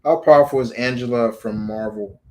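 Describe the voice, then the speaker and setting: Hosting a live stream, a man rants casually about comic heroes and answers viewers' questions, swearing freely and restarting his sentences. He speaks a little fast at a medium pitch.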